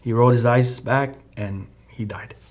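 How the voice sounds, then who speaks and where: A man's voice: medium pitch, moderate pace, darkish tone. A man with a Chicano English accent, a guest telling a personal testimony in a loose, storytelling way, with many fillers and restarts. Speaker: podcast guest.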